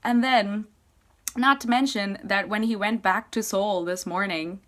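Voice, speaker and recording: A young woman chats straight to her viewers in a casual vlog. She gushes excitedly and fills her sentences with "like". Her voice sits at an ordinary middle pitch. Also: unhurried. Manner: gushing, excitable fan chatter full of "like". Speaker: vlogger.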